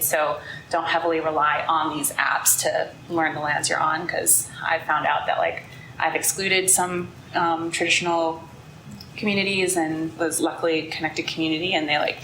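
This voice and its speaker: Low-voiced woman, echoey noisy room. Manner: earnest, with many fillers. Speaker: group member sharing advice. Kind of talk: casual talk to a group.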